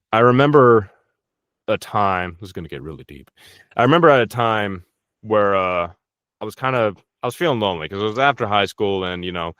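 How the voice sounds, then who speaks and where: A man's voice: sits low, fairly bright tone, no room sound, clean studio sound. A young man, a voice actor, chatting casually and jokingly in an interview, swearing freely. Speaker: voice actor guest.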